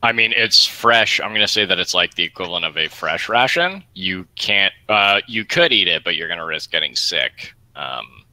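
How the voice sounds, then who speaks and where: A man narrating a tabletop game as game master, describing scenes in a halting way with many fillers. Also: low-pitched, lively intonation, pushed and bright, dry recording, low-quality recording.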